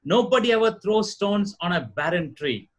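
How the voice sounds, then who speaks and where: A man's voice: high-pitched, lively intonation, moderate pace. A middle-aged man with an Indian English accent, a trainer explaining ideas earnestly and with much repetition before a live audience. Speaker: guest speaker, corporate trainer. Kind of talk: lecture-style talk show answer.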